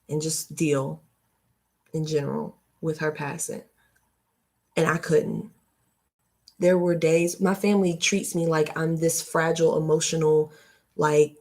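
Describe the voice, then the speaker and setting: A woman in her late twenties talks to her live-stream viewers in a low-pitched voice. She hammers her points home through repetition, like a preacher, then eases into a quieter, emotional tone. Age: late 20s. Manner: emphatic and repetitive, preaching-like, turning soft and emotional. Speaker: livestream host. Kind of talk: heartfelt motivational talk on a live stream.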